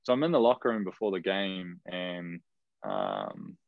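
A young man with a New Zealand accent tells stories in a relaxed interview, chatty and quick to laugh. His voice sits low with a gravelly edge. The dull, lo-fi sound of a video call comes through in a dry, close recording. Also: no room sound. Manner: chatty, laughs often, many fillers and restarts. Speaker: guest, professional footballer. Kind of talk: casual storytelling interview.

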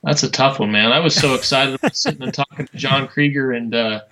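A man chatting casually as a show host, enthusiastic but halting, with many fillers and restarts. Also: mid-range voice, pushed and bright, low-quality recording. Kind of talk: casual chat.

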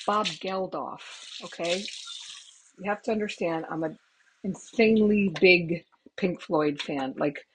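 A middle-aged woman with a lowish voice telling stories in a chatty, swearing way on a podcast, with laughing asides. She talks into a headset microphone, and a faint hiss sits behind her. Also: takes it slowly, fairly bright tone, rough recording. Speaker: podcast host. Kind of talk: casual storytelling.

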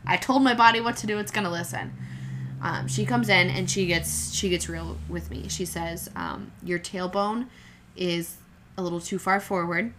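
A woman's voice: on the low side, fairly bright tone, a little hiss or hum. A young woman chatting casually and candidly, rambling with fillers and restarts as she tells a personal story. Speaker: podcast co-host telling her birth story. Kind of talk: casual chat.

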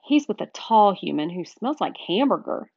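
Woman reader, storybook narration, very lively pitch, dull dry recording. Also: moderate pace, vocal fry, husky, no room sound. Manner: expressive, animated storytelling. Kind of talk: reading a children's chapter book aloud.

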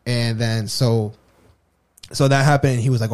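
A man's voice: mid-range voice, steady tone, a little fast, darkish tone. A man co-hosting a podcast, telling a personal story in a candid, rambling way full of restarts. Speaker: podcast co-host. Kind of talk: casual personal chat.

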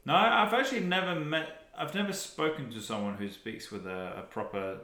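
A man with a lively, swinging voice rambles through a casual podcast chat, swearing freely and restarting his sentences. He has had a few beers, and his voice echoes around the room. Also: fairly high pitch, moderate pace. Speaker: podcast co-host.

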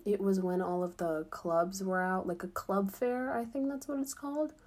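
A woman's voice: medium pitch, steady tone, normal speed, a little mellow. A young woman, chatting casually in a vlog, full of fillers and upbeat. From United States. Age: young adult. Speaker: student abroad.

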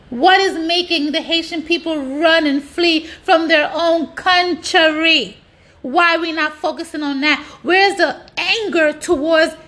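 High-pitched woman ranting hard, cussing a lot, saying stuff twice to drive it home. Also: fairly bright tone. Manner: blunt, heavy profanity, emphatic repetition. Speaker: social media commentator. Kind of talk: ranting monologue.

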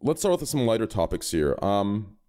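A man's voice: on the low side, sing-song, moderate pace, dark tone. A man hosting a casual podcast, introducing guests with rambling jokes. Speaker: podcast host.

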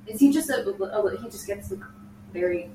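A woman's voice: medium pitch, animated, moderate pace, dark tone. A young woman co-hosting a casual podcast, teasing and asking lots of questions. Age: young adult. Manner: joking, teasing, asks many questions. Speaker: podcast co-host. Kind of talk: casual chat. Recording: echoey room, mic far off, faint noise.

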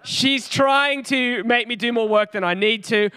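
A man's voice: extremely high pitch, measured pace, bright, forceful tone, smooth. An Australian man preaching a sermon in an earnest, chatty storytelling way, often with a light laugh. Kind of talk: conversational sermon.

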